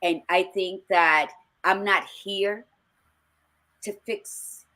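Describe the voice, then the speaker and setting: A woman's voice: mid-range voice, fairly even intonation, drawn-out words, sharp tone. A middle-aged woman co-hosting a podcast, talking bluntly and emphatically with frequent swearing. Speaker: podcast co-host. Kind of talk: casual chat.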